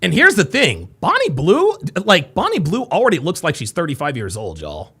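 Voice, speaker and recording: A man hosting a live reaction stream, reading viewer comments aloud with loud, crude, mocking banter that swings between yelling and mumbling. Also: a little high, huge pitch swings, moderate pace, husky. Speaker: reaction show host.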